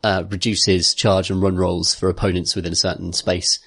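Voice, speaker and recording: A man's voice: low voice, flat delivery, moderate pace, a bit bright, slightly rough. A man co-hosting a podcast, talking thoughtfully and hesitantly about a tabletop game, often restarting his sentences. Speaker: podcast co-host.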